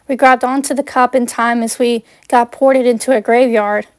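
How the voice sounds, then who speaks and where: A woman's voice: fairly high pitch, fairly even intonation, moderate pace, few pauses, no echo. A woman reading her own fan fiction aloud in first person, in a plain, earnest way.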